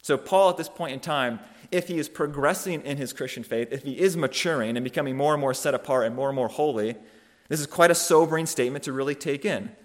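Speaking at a medium pitch, a man delivers a sermon thoughtfully and with measure. He frequently starts phrases over and slows his delivery when he wants emphasis.

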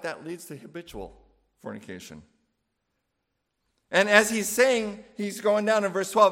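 With a voice that sits high and a bit bright, a man delivers a sermon as if chatting. He leans on fillers and often adds "right?" and "you know."

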